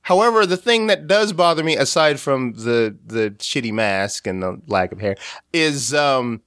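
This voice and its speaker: A man's voice: medium pitch, animated, normal speed, a bit bright, dry recording, clean studio sound. A man hosting a podcast in a casual, jokey, profane manner. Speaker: podcast host. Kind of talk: casual chat.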